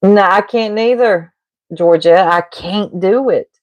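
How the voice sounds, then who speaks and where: A woman's voice: mid-range voice, slow, no room sound, lo-fi sound. A woman livestreamer chatting casually into her mic, gossiping, rambling and laughing often as she answers chat. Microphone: streaming mic.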